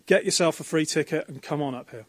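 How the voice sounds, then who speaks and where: A man's voice: fairly high pitch, fast, slightly rough, dry recording. A man organising a coding event, talking keenly and explaining in a radio interview on a university campus. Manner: enthusiastic, explanatory, with fillers.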